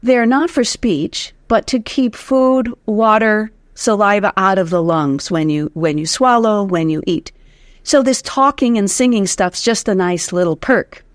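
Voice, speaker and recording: Unhurried and mid-range, this woman's voice comes through in studio quality without any room sound. As a voice teacher in an interview, she covers breath support and the vocal folds, demonstrating as she goes, lively throughout, counting out loud in breathing drills.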